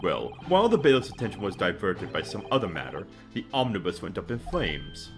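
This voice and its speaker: Brief: man voicing a stern, imposing British chief justice, attempted accent, expressive delivery. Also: sits low, over music. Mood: grave. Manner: formal, measured, commanding.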